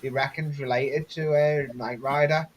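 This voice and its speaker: A man's voice: on the high side, steady tone, moderate pace. A man, a live streamer telling rambling stories in casual chat. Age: 40s. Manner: rambling storyteller.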